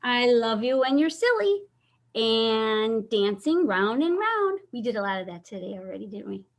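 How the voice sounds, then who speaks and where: A woman's voice: fairly high pitch, moderate pace. A woman hosting a children's story time over a video call, reading a picture book aloud and asking the children questions. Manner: animated, asks children questions.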